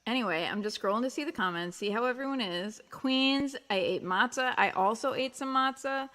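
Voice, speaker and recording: A woman's voice: fairly high pitch, moderate pace, a bit bright. A woman with a Long Island accent, a musician chatting casually and jokingly on her livestream while reading out viewer comments. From Long Island, New York.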